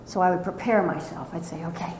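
An older woman telling a reflective spiritual story slowly and gently, her voice often trailing off softly. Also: steady tone. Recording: echoey room with faint rumble.

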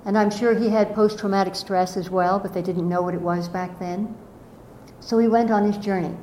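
An older woman tells a reflective spiritual story in a gentle, unhurried way, her voice sitting at a middling pitch. She lets her phrases drift off into softness. The recording carries a noticeable room echo and a faint low rumble. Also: steady tone. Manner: slow, gentle, softly trailing off.

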